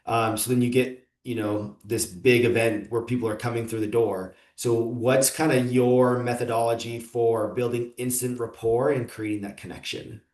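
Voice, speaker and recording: A man's voice: mid-range voice, steady tone, moderate pace, hardly any pauses, darkish tone. Upbeat man host in an echoey room. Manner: enthusiastic, affirming, laughs easily. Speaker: interview host. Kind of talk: casual interview chat.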